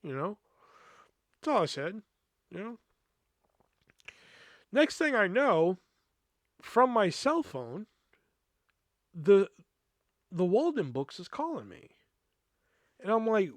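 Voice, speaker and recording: A man's voice: fairly high pitch, very animated, measured pace, long pauses, a bit bright, no echo, studio quality. Profane, rambling man telling a story. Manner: profane, rambling, peppered with "you know". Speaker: podcast host. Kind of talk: casual storytelling.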